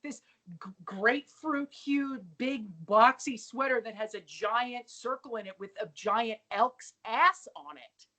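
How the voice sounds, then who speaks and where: A woman's voice: a little high, unhurried. A woman co-hosting a podcast, chatting casually about a sitcom episode and acting out characters' lines. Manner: lively, chatty, acts out lines in quotes. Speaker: podcast co-host.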